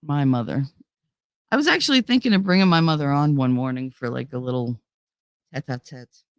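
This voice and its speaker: A woman's voice: extremely low pitch, lively intonation, brisk, clear, resonant tone, no echo, clean studio sound. A woman hosting a casual livestream and reading viewer chat. She talks bluntly, swears a lot and laughs often. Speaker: livestream host.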